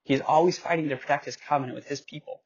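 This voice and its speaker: A man's voice: a little high, fairly even intonation, fast talker, breathy edge. Young guy teaching bible class, chatty, fixes his own slips, kinda muffled recording. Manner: loose and conversational, reads scripture aloud with slips and self-corrections. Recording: dull lo-fi recording.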